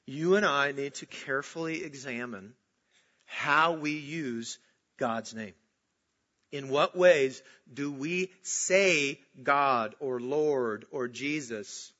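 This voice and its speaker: A man preaching a sermon, emphatic, swinging from loud outbursts to slow, hushed stresses. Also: medium pitch. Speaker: pastor. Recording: dull lo-fi recording.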